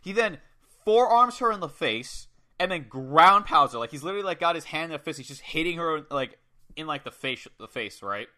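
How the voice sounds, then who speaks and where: Man, very bright tense voice, slightly high, excitable, swears freely, casual recap. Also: brisk. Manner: excitable, profane storyteller. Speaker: podcast co-host. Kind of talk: casual wrestling match recap.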